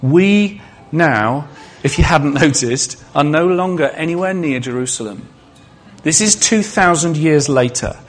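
Husky, higher-voiced man preaching. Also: animated, a little slow. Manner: conversational, asks the congregation questions with humorous asides. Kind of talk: sermon.

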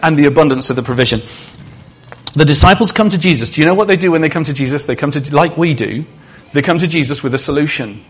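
A man's voice: on the high side, fast, slightly rough. A male preacher giving a sermon in a conversational way, asking the congregation questions and adding humorous asides.

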